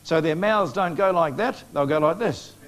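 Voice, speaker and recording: A man with a New Zealand accent preaches to a live congregation. His voice sits somewhat high, and he talks with urgent, earnest exhortation. He turns again and again to address his listeners directly. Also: normal speed, a little hiss or hum. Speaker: evangelist preacher. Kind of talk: sermon. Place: church meeting before a live congregation.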